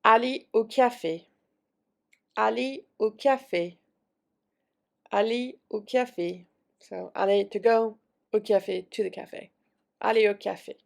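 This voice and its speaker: Woman, French teacher, gravelly voice, slow deliberate delivery, casual vocabulary lesson. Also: medium pitch. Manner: repeats each French word slowly, then explains in casual English.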